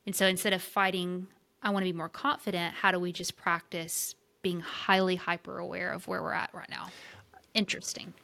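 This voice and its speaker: A woman with a Southern US accent co-hosting a casual podcast, lively and emphatic with playful exclamations. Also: lowish voice, a little fast, vocal fry. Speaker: podcast co-host.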